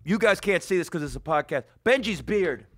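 A man's voice: sits high, lively intonation, a little fast. A man in his thirties with a New York accent hosting a casual comedy podcast, brash, jokey and profane. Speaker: podcast host.

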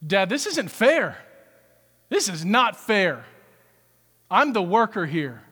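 A man's voice: sits high, big pitch swings, slow, sharp tone, breathy edge, long reverb tail, exaggerated voice. A man voicing a resentful, hardworking older son who complains indignantly.

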